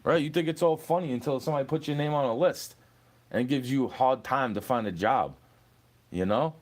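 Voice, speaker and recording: A man's voice: mid-range voice, a little fast. A young man ranting at a commenter, profane and confrontational, repeating "bro" as he lectures and threatens. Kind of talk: angry rant at a commenter.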